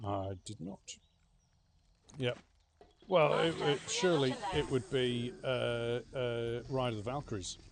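A man's voice: mid-range voice, slow pace, creaky, crowd noise. A man streaming a game live, chatting, swearing and humming silly ditties to himself as he plays. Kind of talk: live gameplay commentary.

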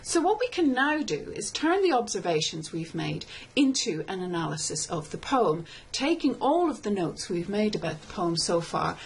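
A woman lecturer giving a scripted tutorial, explaining step by step in a measured way and reading lines of verse slowly. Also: mid-range voice, a little hiss or hum, poor audio. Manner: measured, explanatory, reads poem aloud slowly. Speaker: literature lecturer.

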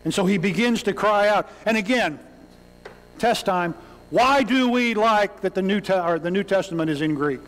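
His voice sits high and a bit bright, at normal speed, with soft music underneath. The pastor dramatizes a sermon story in the sanctuary, crying out each character's lines amid long hall reverb.

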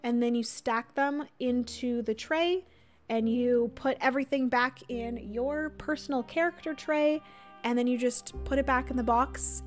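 A young woman chatting casually on a livestream, explaining a solo board game at her table, with lots of fillers and asides. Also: a little high. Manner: chatty, filler-heavy, reads and answers chat.

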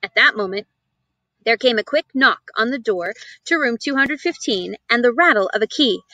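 Expressive woman reading a storybook. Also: on the high side, moderate pace, low-quality recording. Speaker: reader. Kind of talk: storybook read-aloud.

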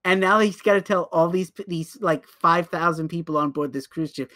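A podcast co-host, in a casual chat, eagerly recounts a show and keeps tripping over himself. His fairly high voice runs at normal speed, jumping ahead and doubling back mid-sentence as an animated storyteller who restarts often.

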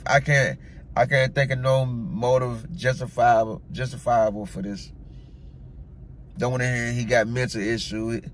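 A man's voice: medium pitch, a little hiss or hum. Blunt, repetitive man ranting his opinions. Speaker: vlogger. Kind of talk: opinion rant to camera.

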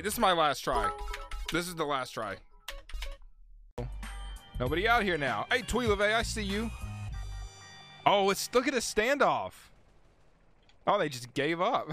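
Excitable profane man streaming a game. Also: fairly high pitch. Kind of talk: live game streaming commentary. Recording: noisy with game sounds behind. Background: game sounds and vehicles.

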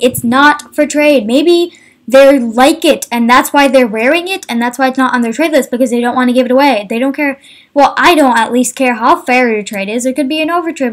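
Young female gaming vlogger, high voice, exasperated casual rant. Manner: exasperated, fast, filler-heavy with many "like"s. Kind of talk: casual ranting commentary over gameplay.

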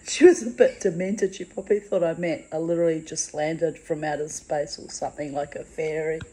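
A woman's voice: low voice, fairly even intonation, fairly quick, hardly any pauses, warm tone. A middle-aged woman speaking in a personal vlog monologue, bitter and confiding, with blunt swearing. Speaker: vlogger.

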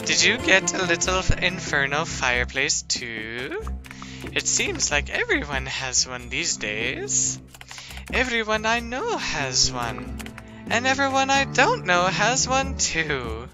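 A man's voice: sits high, wildly swooping pitch, slow, music in the background, exaggerated voice. A man reading aloud in-game letters from a sweet, friendly girl pen pal, in a sing-song way. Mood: cozy.

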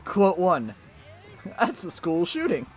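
A man's voice: high-pitched, huge pitch swings, slow. A young man streaming a racing game with friends, chatting casually and laughing often. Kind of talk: casual gaming chat with friends. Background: game music.

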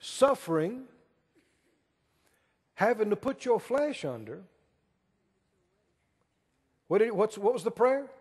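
A male pastor preaches with a high, swooping voice that rises and falls dramatically. He takes his time and stretches out key words, throwing questions at the congregation. The sound carries a long echo from a large hall. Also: animated, slow pace, long pauses, a little mellow, husky. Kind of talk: sermon.

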